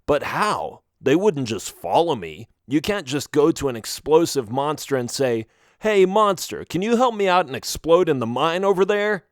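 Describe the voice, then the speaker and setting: A man's voice: medium pitch, sing-song, a little slow, hardly any pauses, no room sound, studio quality. A man voicing an eager young miner friend. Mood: storytelling. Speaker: audiobook reader. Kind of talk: audiobook character voice.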